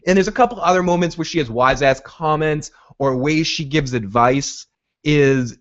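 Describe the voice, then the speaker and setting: A man's voice: a little high, moderate pace. Man rambling through a lo-fi podcast recap. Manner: rambling, excitable, frequent restarts. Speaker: podcast host. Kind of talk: casual TV episode recap.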